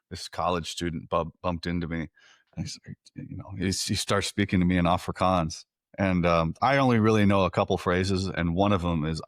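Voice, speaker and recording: A man hosting a podcast, talking in a relaxed way, joking and telling stories. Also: sits low, no echo, studio quality. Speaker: podcast host. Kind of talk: casual podcast interview.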